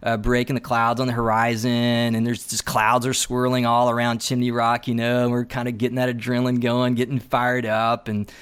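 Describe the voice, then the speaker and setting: Animated man telling a story. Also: medium pitch, moderate pace, few pauses, smooth. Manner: animated storyteller who acts out dialogue; loose, chatty delivery with many fillers. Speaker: landscape photographer, guest. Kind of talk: casual storytelling.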